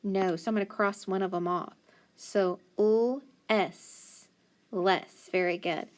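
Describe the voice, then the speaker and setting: A woman's voice: fairly low pitch, level tone. Patient woman teaching phonics. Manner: patient, encouraging, stretches out sounds slowly. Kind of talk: phonics lesson, sounding out words.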